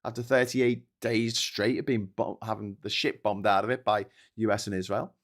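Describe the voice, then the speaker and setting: A man's voice: on the low side, fairly even intonation, moderate pace. A man with a British accent hosting a casual political commentary show, talking in a sweary, sarcastic and taunting way. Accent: British English. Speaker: host.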